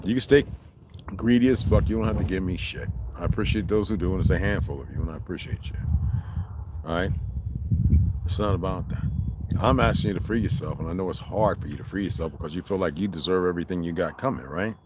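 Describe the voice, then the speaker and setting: An older man talks in a low voice in a rambling, preachy monologue. He is blunt and profane, and he is recorded outdoors. Loud background noise runs under his words. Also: quick pace. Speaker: vlogger.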